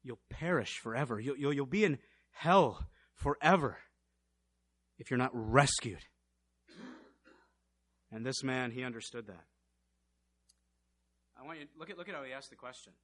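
Passionate bright-voiced male preacher. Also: a little high, lively intonation, normal speed, pauses often. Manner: swings from loud passionate outbursts to hushed, intense storytelling. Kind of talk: sermon.

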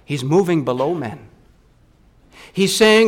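Male preacher with a high voice, dynamic sermon delivery, drops to near whispers for emphasis. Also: lively intonation, normal speed, long pauses. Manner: swings from loud rising questions to hushed low emphasis; self-correcting, repeats words.

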